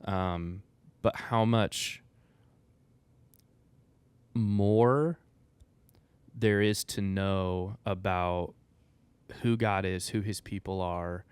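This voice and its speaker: Slow deep-voiced reflective man. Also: steady tone, clear, resonant tone, no echo. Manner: thoughtful, halting, reflective. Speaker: podcast co-host. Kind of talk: casual reflective chat.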